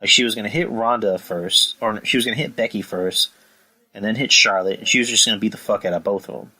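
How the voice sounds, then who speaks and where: Brief: profane podcast host, lowish bright voice, rambling and worked up. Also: male voice, fast, breathy edge, poor audio. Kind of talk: casual wrestling review podcast.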